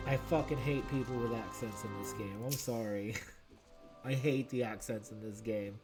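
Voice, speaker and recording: A man's voice: lowish voice, a little slow, a little mellow. A man playing through a video game, muttering casual offhand commentary. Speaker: gaming streamer. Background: game music.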